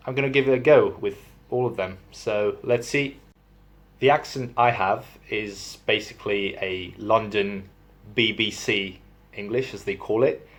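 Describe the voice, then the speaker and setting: A young man from Spain gives a relaxed vlog explanation, pausing often with "uh" and "um". He speaks slowly at a mid pitch, with a chatty, self-deprecating manner. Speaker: vlogger.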